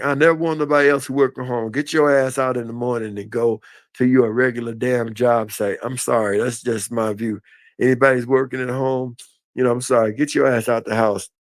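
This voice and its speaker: An older man telling a story in a casual, animated and folksy way on a live stream. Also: mid-range voice, fairly quick, no echo.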